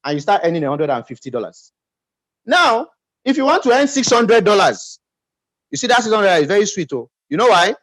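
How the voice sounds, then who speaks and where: Emphatic Nigerian man, lively high voice. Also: a little fast, no echo, rough recording. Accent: Nigerian English. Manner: emphatic, calls for audience responses. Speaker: business team leader. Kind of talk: motivational pep talk.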